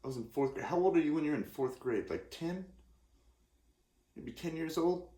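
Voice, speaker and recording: A man's voice: on the high side, lively intonation, moderate pace, dark tone. A man in his forties from California, talking casually in a rambling, self-interrupting way with lots of restarts. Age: 40s. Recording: roomy echoey room.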